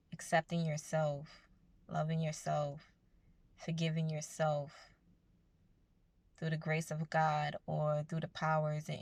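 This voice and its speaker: Low gravelly-voiced woman giving pep talk. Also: a little mellow, no echo. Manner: earnest, conversational, spiritual encouragement. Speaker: self-help vlogger. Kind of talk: casual motivational talk to camera.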